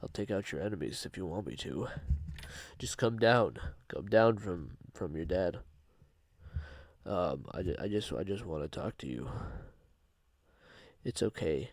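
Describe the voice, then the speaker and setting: A man voicing a menacing male wolf creature that slowly coaxes a boy to come down to him. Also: lively intonation, no room sound, studio quality, exaggerated voice. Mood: wheedling. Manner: slow, low, coaxing and sinister.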